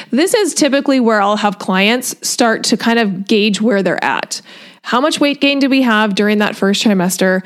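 A woman nutrition coach talking in a casual podcast monologue, chatty and full of "like" fillers and light laughter. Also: medium pitch.

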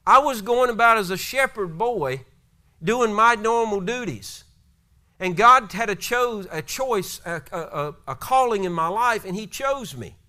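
A man's voice: sits high, pushed and bright, full character voice. A man voicing a humble, earnest young shepherd king as he retells a story in a sermon.

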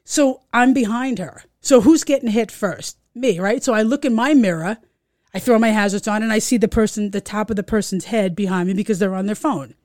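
A middle-aged woman, co-hosting a podcast and telling a story in casual chat, animated, swearing and acting out voices. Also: medium pitch, fairly quick, no echo, studio quality. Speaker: podcast co-host.

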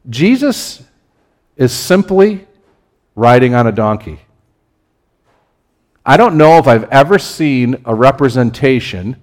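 A man preaching a conversational sermon as pastor, his delivery lively and building to emphatic peaks. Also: mid-range voice.

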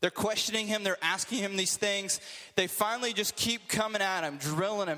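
A man's voice: high-pitched, moderate pace, pushed and bright, big-room sound. A man preaching a casual, conversational sermon to a group, with joking asides.

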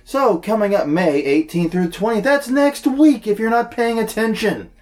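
With a high-pitched voice at a moderate pace, the podcast co-host from New Orleans reads out event listings. The casual chat is animated and full of jokes at his own expense.

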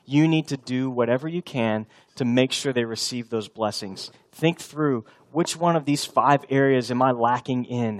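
Earnest man in his thirties preaching. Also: mid-range voice. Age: 30s. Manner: earnest, repeats key lines for emphasis, drops soft for tender passages. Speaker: pastor. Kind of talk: sermon.

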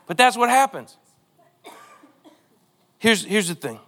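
Guy preaching in church, fairly high voice, lively, does little voices for the quotes. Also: slow pace. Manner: animated, acts out quotes in character voices. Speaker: pastor. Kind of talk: sermon.

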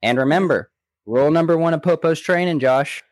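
A man co-hosting a casual podcast, recapping episodes in an animated way and often slipping into quoted lines. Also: a little high, a little fast, no room sound. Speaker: podcast co-host.

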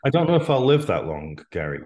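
A man around sixty, a podcast guest giving his opinions in a deliberate, emphatic way. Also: medium pitch, big pitch swings, darkish tone. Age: 60s. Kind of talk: casual podcast conversation.

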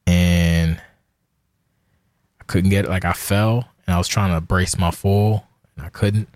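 A man's voice: low voice, fairly even intonation, moderate pace, darkish tone, no echo, clean studio sound. A man in his forties hosting a casual solo podcast, rambling and profane, self-deprecating about himself. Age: 40s. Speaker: podcast host.

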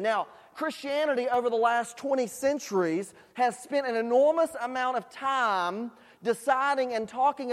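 A man preaching a sermon, telling folksy stories with asides to the congregation. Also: extremely high pitch. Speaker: pastor. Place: church sanctuary. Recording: long hall reverb in a church.

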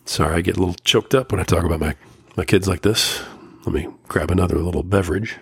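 A middle-aged man hosting a solo podcast, talking earnestly and emotionally in slow, measured phrases, firm and lecturing at times. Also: low-pitched, creaky, a bit bright, breathy edge, no room sound, studio quality. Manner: firm and lecturing about fatherhood. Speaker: podcast host.

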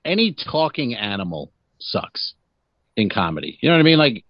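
A man's voice: mid-range voice, big pitch swings, normal speed, no room sound. Teasing man on a dull, dry line. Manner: teasing, wry. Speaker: podcast co-host. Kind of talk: casual comedy podcast banter. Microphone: video call.

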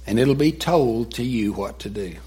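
A man voicing a calm, commanding divine voice from heaven. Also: mid-range voice, normal speed, husky.

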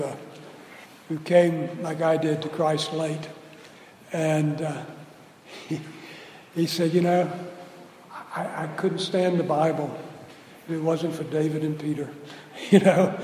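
A man preaching a sermon as pastor, slow and deliberate, building to loud emphatic peaks. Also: on the high side, slight background noise. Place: church sanctuary. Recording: roomy hall reverb with faint ambience.

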